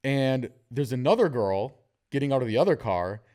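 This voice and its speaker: A man's voice: medium pitch, expressive, normal speed, warm tone. A man hosting a casual podcast, telling jokey stories and acting out the people in them. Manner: storytelling, jokey, acts out quotes. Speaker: podcast host.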